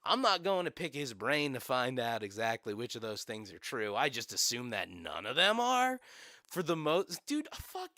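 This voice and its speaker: A man's voice: medium pitch, sing-song, normal speed, sharp tone, no echo, clean studio sound. A young man streaming live, ranting casually with sarcasm and swearing, laughing often.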